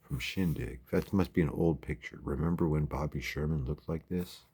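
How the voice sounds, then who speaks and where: A man's voice: extremely low pitch, normal speed, warm tone, husky. A man giving rambling, wry late-night commentary at home as a vlogger. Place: home at night, windows open.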